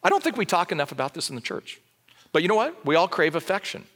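A fast-talking man in his sixties from Southern California, with a voice on the high side, preaches a sermon. He's a lively storyteller who fills it with personal anecdotes and acts out the dialogue.

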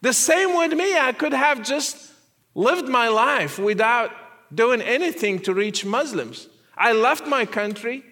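A man giving an earnest testimony as a guest speaker, repeating phrases and at times dropping to a quiet, soft voice. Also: extremely high pitch, lively intonation, measured pace. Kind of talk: testimony sermon.

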